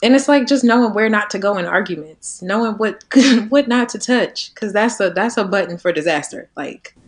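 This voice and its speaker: A woman in her twenties talking reflectively as a podcast guest, laughing often and trailing softer at the ends of her thoughts. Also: mid-range voice, expressive, normal speed. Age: 20s. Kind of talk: casual conversation.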